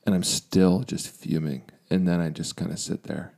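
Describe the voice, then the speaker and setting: On a podcast he co-hosts, a young man shares a personal story frankly, poking fun at himself and at times going quiet and reflective. His low, gravelly voice holds a steady tone at normal speed with few pauses.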